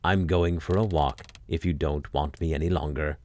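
A man voicing a frightful one-eyed giantess who is weary, overworked and bossy, speaking slowly and emphatically in a storybook reading. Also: very deep voice, steady tone, a little mellow. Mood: scolding.

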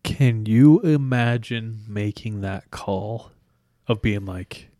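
A man's voice: lowish voice, takes it slowly, warm tone, no echo, studio quality. Playful man co-hosting a chat podcast. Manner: laughs often, playful questions. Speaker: podcast co-host. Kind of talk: casual chat.

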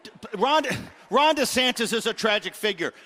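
A middle-aged man hosting a political talk show, ranting combatively and shouting in bursts. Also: very high voice, animated, moderate pace. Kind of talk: fiery political rant.

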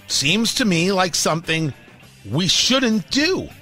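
A man's voice: high-pitched, very animated, takes it slowly, bright, forceful tone, soft background music. A male talk radio host delivering a combative, ranting opinion monologue, often stumbling and repeating words.

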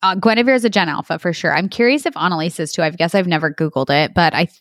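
A woman's voice: lowish voice, fast, fairly bright tone. A woman from New Mexico co-hosting a casual podcast from a hotel room, telling stories in a bubbly way with many "likes" and laughs. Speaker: podcast co-host.

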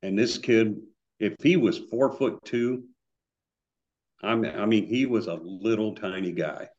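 Guest, male, lower register, storyteller, muffled lo-fi mic. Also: unhurried, slight background noise. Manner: animated anecdotes with acted-out quotes. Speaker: guitar builder guest. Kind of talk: casual storytelling. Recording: dull lo-fi remote audio.

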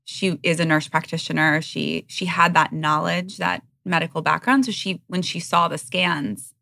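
A woman in her thirties talks frankly and earnestly as a podcast guest. Her voice is low-set with plenty of vocal fry and a bright, forceful edge. The sound is close and dry. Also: fairly even intonation, moderate pace, no room sound. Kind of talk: candid conversational interview.

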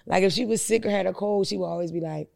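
Brief: female comedian-host with a gravelly voice, crude and frank storyteller. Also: mid-range voice, fast talker, a little mellow. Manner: blunt, profane, storytelling. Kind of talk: casual podcast chat.

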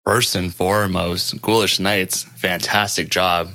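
A man's voice: sits low, flat delivery, takes it slowly, bright, forceful tone, no echo. A man co-hosting a horror movie podcast, chatting with hyped enthusiasm and casual slang. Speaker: podcast co-host.

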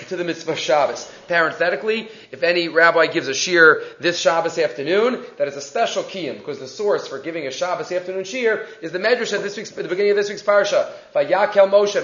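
A man's voice: a little high, a bit bright. Brief: male teacher, storytelling religious lecture, muffled lo-fi sound. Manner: storytelling, restarts, translates each verse. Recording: echoey dull recording.

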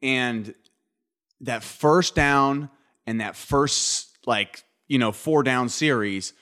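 A man speaking as a guest analyst in casual sports talk, explaining plays in a measured way. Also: medium pitch, a bit bright.

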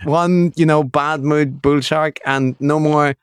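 A man's voice: a little high, fairly even intonation, slow pace, smooth, no room sound, studio quality. A man co-hosting a podcast in casual chat, playful and teasing, spinning small things into mock drama. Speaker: podcast co-host.

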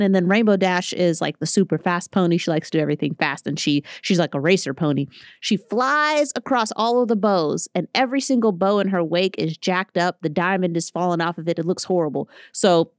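A woman in her thirties hosting a podcast, telling stories in a casual, animated way and acting out what people said. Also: fairly low pitch, fast talker, dry recording, studio quality. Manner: chatty, animated storytelling with acted-out quotes. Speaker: podcast host. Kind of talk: casual solo podcast talk.

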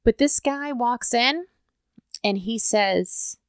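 A woman's voice: a little high, slow pace, clean tone, no echo. A woman talking straight to her listeners in a casual, motivational way. She leans hard on key points and keeps asking "right?" to check they follow. The recording is dry and close, with no room sound at all. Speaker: podcast host.

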